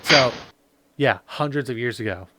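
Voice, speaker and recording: A man hosting a casual podcast, rambling with lots of fillers and quick laughs. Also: mid-range voice, pushed and bright, dry recording. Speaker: podcast host.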